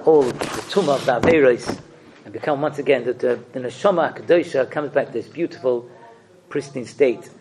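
A man giving a religious sermon, asking rhetorical questions and telling stories with expressive delivery. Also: mid-range voice, a little fast. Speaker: rabbi giving a talk.

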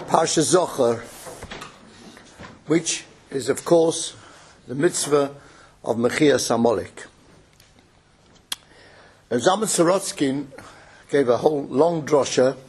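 Man, religious study lecture, husky voice, high-pitched, explanatory, rhetorical questions. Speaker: Torah lecturer.

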